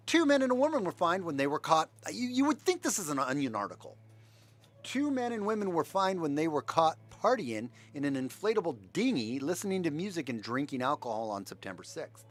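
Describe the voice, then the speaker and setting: A man hosts a livestream, riffing on news stories in a sarcastic, mocking tone. His delivery rambles and restarts, and his pitch jumps around in a lively way. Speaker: livestream host. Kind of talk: sarcastic commentary rant.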